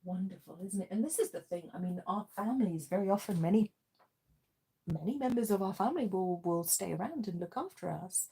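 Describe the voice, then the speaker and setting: A woman reading tarot cards on a livestream, soft-spoken and giggly, her voice worn as she loses it. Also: medium pitch, expressive, brisk, slightly rough. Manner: soft-spoken, giggly, often drops to a murmur. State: losing her voice. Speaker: tarot reader.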